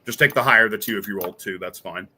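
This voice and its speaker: A man's voice: on the low side, rapid-fire, pushed and bright, slight background noise. A man running a tabletop role-playing game as game master. He talks in a loose, chatty way, with fillers, and he laughs easily.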